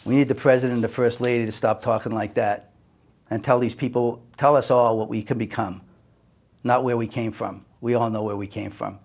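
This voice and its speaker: An older man from the United States speaking straight from the heart in an emphatic monologue. His voice sits at an ordinary middle pitch, and he moves between forceful bursts and quiet, hushed stretches. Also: fairly even intonation, fairly quick. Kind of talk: impassioned personal monologue.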